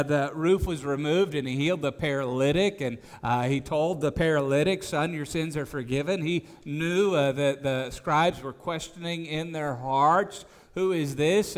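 Preacher in an echoing hall. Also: male voice, a little high. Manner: stammers on restarts, rises to emphatic declarations. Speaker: pastor. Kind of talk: expository sermon.

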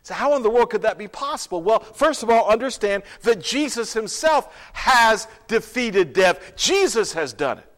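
Male pastor, sermon, high voice, very lively pitch, dramatic delivery. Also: moderate pace, few pauses. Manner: dramatic, swings from loud to hushed whispers.

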